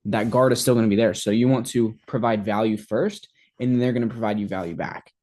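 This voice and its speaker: Casting: male sales coach, lowish voice, relaxed and chatty, acts out call examples. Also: brisk. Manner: laid-back, filler-heavy, switches into a mock caller voice. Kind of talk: casual instructional talk with role-played sales calls.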